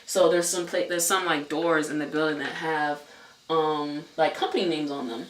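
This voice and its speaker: A man vlogging a casual storytime, talking fast and loose with lots of filler words and the odd swear. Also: a little high, fairly even intonation, a bit bright, distant mic, slight background noise. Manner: chatty, many "like" fillers, swears. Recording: echoey room, voice away from mic.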